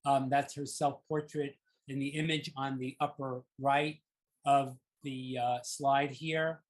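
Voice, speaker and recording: A man's voice: mid-range voice, little pitch movement, slow. A man giving an informal slide lecture on art, rambling and conversational with many fillers and restarts.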